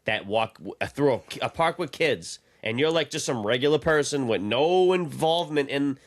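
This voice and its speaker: A man's voice: mid-range voice, expressive, normal speed. A man, co-hosting a podcast in casual chat, blunt and profane as he rants. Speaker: podcast co-host.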